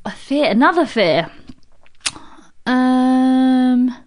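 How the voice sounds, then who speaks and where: A British woman in her thirties, a comedian guest in casual podcast chat, animated and swearing freely. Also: high voice, very slow. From Britain. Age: 30s. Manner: animated, swears freely, acts out quoted voices.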